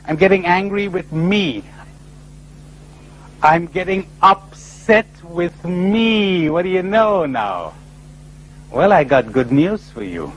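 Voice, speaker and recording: Man, spiritual talk, lively rising and falling delivery, slightly high voice, rhetorical questions, faint hum behind. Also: takes it slowly, pauses often, poor audio. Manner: animated, rhetorical questions, acts out other people's replies. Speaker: spiritual speaker. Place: lecture before a live audience.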